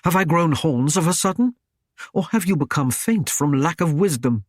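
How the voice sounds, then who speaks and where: A man reading an audiobook, voicing a stern and proud Norman knight who speaks in a gruff, commanding way. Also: fairly high pitch, animated, normal speed, no room sound, studio quality. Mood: gruff annoyed. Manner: gruff, commanding, dryly mocking.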